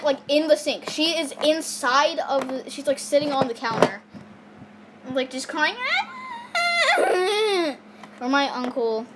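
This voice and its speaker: A woman's voice: high-pitched, background noise. A girl casually telling a personal story in a rambling way, with many fillers and restarts.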